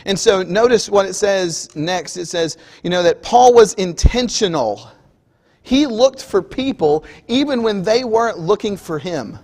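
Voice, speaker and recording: A man's voice: sits high, lively intonation, a little slow, darkish tone. A male preacher giving a conversational sermon, acting out everyday scenes for the congregation in a church. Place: church auditorium. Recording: long hall reverb.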